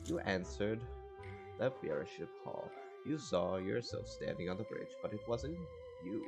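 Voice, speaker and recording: A man's voice: fairly low pitch, vocal fry. A man reading the game's text aloud as he plays, stumbling and restarting over words. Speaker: gamer. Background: game music.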